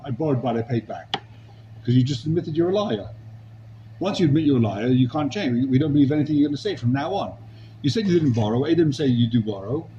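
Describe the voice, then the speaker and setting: A man's voice: on the high side, mellow, lo-fi sound, slight background noise. A man teaching a Talmud class, arguing a legal case with rhetorical questions and Hebrew and Aramaic terms.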